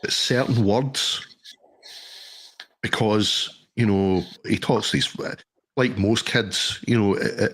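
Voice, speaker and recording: Chatty man, lowish voice. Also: slow pace, fairly bright tone, husky. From Scotland. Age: middle-aged. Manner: chatty, sweary, jokey anecdotes. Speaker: podcast co-host. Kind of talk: casual chat.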